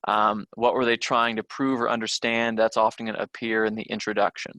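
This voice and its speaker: Bright-voiced man teaching test prep. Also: fairly low pitch, level tone, fairly quick, no room sound. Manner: conversational, with frequent fillers and restarts. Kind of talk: recorded test-prep lesson.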